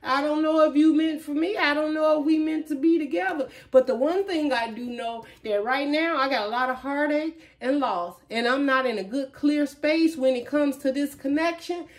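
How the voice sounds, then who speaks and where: A woman's voice: high-pitched, moderate pace, few pauses, lightly acted. A woman voicing a heartbroken woman who speaks in first person about walking away and moving on. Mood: resolute. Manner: earnest, resolute first-person confiding. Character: heartbroken woman resolving to move on.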